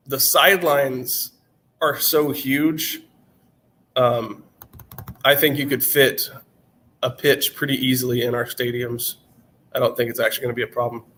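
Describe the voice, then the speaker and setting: A man's voice: mid-range voice, steady tone, unhurried, long pauses, fairly bright tone. A man in his twenties with a general American accent, chatting casually on a live stream and answering questions, his voice worn out, rambling with many fillers and restarts. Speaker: channel host answering chat.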